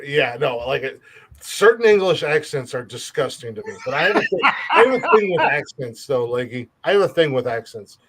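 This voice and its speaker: A man's voice: a little high, fairly bright tone. Profane joking man hosting a podcast. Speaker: podcast host. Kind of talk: casual chat.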